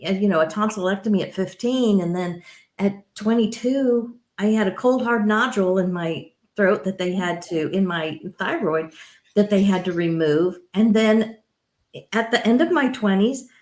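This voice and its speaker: A middle-aged woman hosting a podcast interview, affirming and reflective, with a deep, rich tone. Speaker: podcast host. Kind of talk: conversational interview. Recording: roomy echo.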